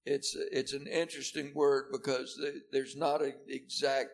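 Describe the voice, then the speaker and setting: Gravelly-voiced male pastor preaching. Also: mid-range voice, level tone, moderate pace. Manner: preaching with sharp swings between loud and hushed; repeats and restarts words when stressing a point. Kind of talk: sermon. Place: church service before a seated congregation.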